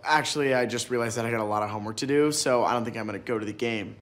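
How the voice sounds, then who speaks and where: Quick evasive teenage boy , an actor playing him. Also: medium pitch, close to an everyday voice. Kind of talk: TV series dialogue.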